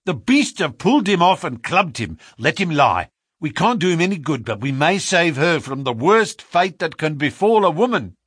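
A man's voice: on the high side, sing-song, moderate pace, slightly rough, no echo, studio quality, exaggerated voice. A man reading aloud, voicing a frantic bearded young man in desperate urgency. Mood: frantic despair. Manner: shouting, pleading, breathless urgency.

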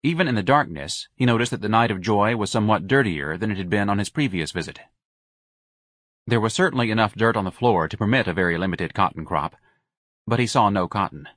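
A man narrating an audiobook in a measured, wry storytelling manner. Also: on the low side, animated, a bit bright, dry recording, studio quality. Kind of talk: scripted narration.

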